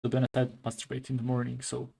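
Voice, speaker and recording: A streamer reacting to clips in casual, musing, halting commentary. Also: male voice, mid-range voice, monotone, vocal fry, background noise.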